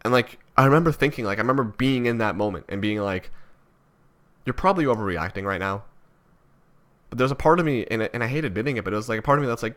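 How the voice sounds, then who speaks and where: A man's voice: medium pitch, expressive, quick pace, a bit bright. A young man from Canada talking through his thoughts in a personal vlog, rambling and self-critical with many restarts. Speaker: vlogger.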